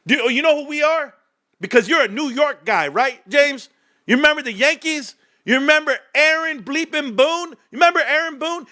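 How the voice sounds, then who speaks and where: A man's voice: moderate pace, sharp tone. A man streaming a casual rant about stocks, trash-talking with bursts of laughter and mock voices. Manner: brash trash-talking, swings between hyped and low muttering.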